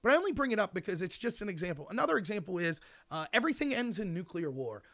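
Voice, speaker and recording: Fast-talking, high-pitched man ranting. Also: dry recording. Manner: fast, animated ranting with mock quotes. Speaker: host. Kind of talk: commentary monologue.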